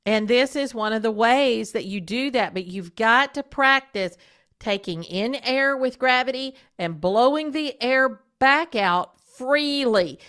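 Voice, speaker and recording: A woman voice teacher talks her listeners through singing practice at a slow, deliberate pace. Her voice sits a little high for a woman. She coaches by asking the listener question after question. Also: animated, a bit bright. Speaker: podcast host and voice teacher. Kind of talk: instructional podcast monologue.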